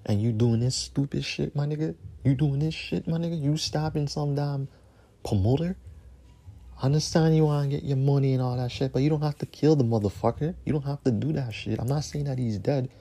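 A man's voice: medium pitch, brisk, creaky, dark tone. A man hosting a podcast, ranting solo in an angry, profane way and repeating phrases for emphasis. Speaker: podcast host. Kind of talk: heated solo rant.

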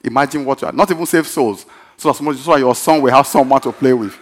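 A male pastor telling a story in a sermon, animated and repetitive, often breaking into laughter. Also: medium pitch, rapid-fire.

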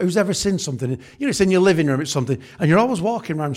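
Pastor, funny sermon, acts out little scenes, higher voice for a guy. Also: animated, fast talker, few pauses. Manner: chatty storyteller, acts out everyday scenes. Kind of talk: humorous sermon.

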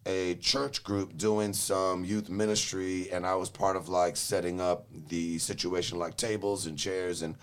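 Young guy from LA, lowish voice, rambling and cussing, laughs a lot. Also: flat delivery, unhurried, few pauses, clean tone. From Los Angeles, Southern California. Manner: profane, rambling, laughs often. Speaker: guest telling his life story. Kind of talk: casual chat.

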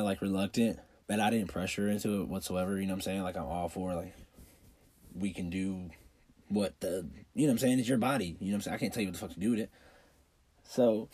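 Husky-voiced young man telling a profane story. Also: lowish voice, mellow. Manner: profane, rambling, filler-heavy storytelling. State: coughing with a cold. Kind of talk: casual personal anecdote.

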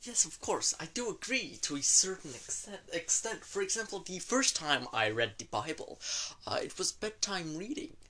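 A man's voice: sits high, very animated, moderate pace, few pauses, pushed and bright. A man hosting an improvised comedy podcast in a pompous, mock-offended manner, often cracking into laughter. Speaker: podcast host.

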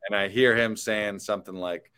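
Canadian guy w/ a lowish voice, chatty podcast host, rambles with lots of ums and uhs. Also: steady tone, normal speed, pushed and bright, smooth. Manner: rambling storyteller, many fillers. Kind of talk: casual chat.

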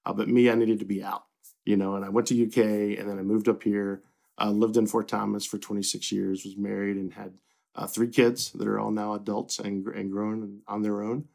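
A middle-aged man from Kentucky, a newspaper publisher, talking in a relaxed, reflective way with many fillers and restarts as an interview guest. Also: lowish voice, a little fast, gravelly. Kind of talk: casual interview.

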